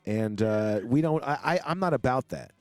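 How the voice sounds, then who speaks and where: Young male host, lively pitch, dry close sound, rambling casual delivery. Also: moderate pace, smooth, dry recording, soft background music. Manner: rambling, many fillers and restarts. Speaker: podcast host. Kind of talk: casual chat.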